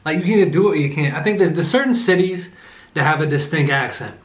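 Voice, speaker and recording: A man with a fairly high voice talks casually while he eats. He rambles along with lots of ums and restarts. The room around him is echoey. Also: fast. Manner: rambling, with many fillers and self-corrections; eating between remarks. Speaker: vlogger reviewing a movie while eating. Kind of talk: casual chat.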